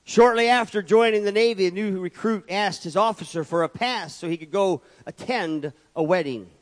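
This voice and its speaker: A man's voice: sits high, normal speed. A man preaching a sermon from the pulpit, building points through repetition and calling out for amens. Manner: preaching with rhetorical repetition and calls of amen. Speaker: pastor. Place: church.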